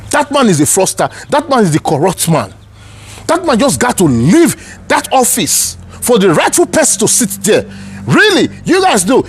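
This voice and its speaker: A man's voice: very high voice, breathy edge. A man with a Nigerian accent giving heated, angry political commentary, ranting and repeating himself. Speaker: online news commentator.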